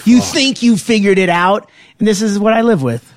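A man's voice: high-pitched, normal speed, a crowd in the background. A man joking and chuckling as he chimes into a casual chat.

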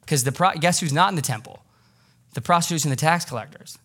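A man pastor preaching a sermon, animated, acting out quoted voices and repeating for emphasis. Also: fairly high pitch, fast talker.

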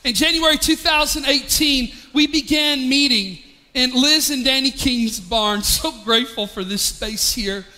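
His voice very high-pitched, bright and forceful, a little slow, this East Tennessee pastor in his 40s gives an emotional, heartfelt sermon. The large church hall leaves a long reverb tail, and he keeps restarting his sentences.

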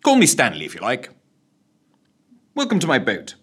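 A man's voice: mid-range voice, huge pitch swings, normal speed, fairly bright tone, slightly rough, full character voice. A man voicing a cheerful, jovial seafaring stoker in a radio story reading. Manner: jovial and hearty.

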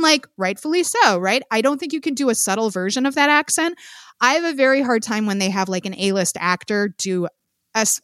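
Young woman podcast co-host, blunt and profane film critic, slightly high voice, dry close sound. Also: a bit bright, no echo. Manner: blunt, swearing, emphatic repetition. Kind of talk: casual film review chat.

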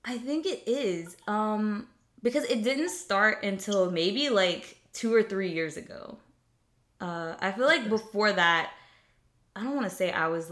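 A woman's voice: mid-range voice, a bit bright. A young woman talking casually and reflectively about faith, with many fillers and restarts.

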